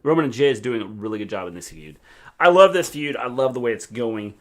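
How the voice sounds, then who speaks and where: A middle-aged man co-hosting a casual wrestling chat stream, relaxed and repeating himself as he talks. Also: mid-range voice, quick pace. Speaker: co-host, her father.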